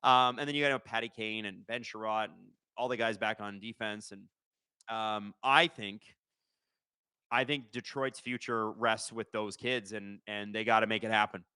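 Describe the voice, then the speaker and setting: Bright-voiced man streaming. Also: on the low side, fairly even intonation, normal speed, clean tone, dry recording. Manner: jokey, reads viewer comments aloud. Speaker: host of a live watch-along stream. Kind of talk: casual live-stream chat and play-by-play.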